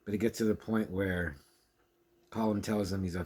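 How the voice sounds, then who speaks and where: A man's voice: lowish voice, steady tone, normal speed, long pauses, darkish tone, husky. A man giving a casual, rambling spoken film review, chatty and laughing often.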